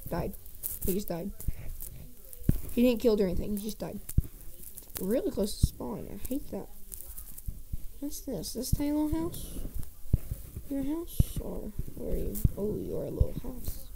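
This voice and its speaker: A woman's voice: medium pitch, animated, moderate pace, gravelly, long pauses, background noise. A woman giving live gameplay commentary, talking to herself in a jumpy, nervous way and often dropping to a whisper.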